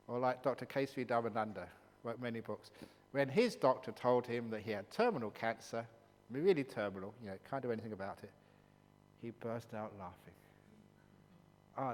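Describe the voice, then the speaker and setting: Jokey monk teaching in a reverberant hall. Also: male voice, medium pitch, moderate pace. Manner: animated, jokey storytelling. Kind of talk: dharma talk at a retreat. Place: meditation retreat hall. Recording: long hall reverb, faint hum.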